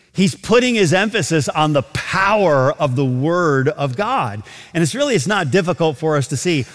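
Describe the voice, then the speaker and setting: Lively preacher in a big auditorium. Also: male voice, high-pitched, big-room sound. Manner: expository preaching with emphatic scripture reading. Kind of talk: sermon. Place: large auditorium.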